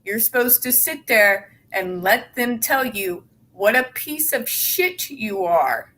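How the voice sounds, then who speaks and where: Slow-talking woman hosting a casual chat. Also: fairly high pitch, expressive, pushed and bright. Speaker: host.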